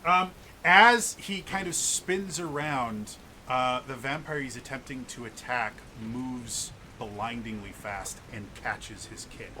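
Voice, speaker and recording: A man narrating a tabletop game as game master, halting often and repeating words. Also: mid-range voice, sharp tone. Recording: noisy home mic.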